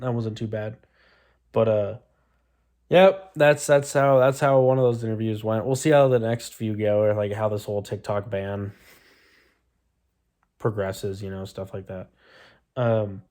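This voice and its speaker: A man's voice: medium pitch, darkish tone. A young man vlogging to the camera, telling a story in a rambling, self-deprecating way and swearing freely. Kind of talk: casual storytelling vlog.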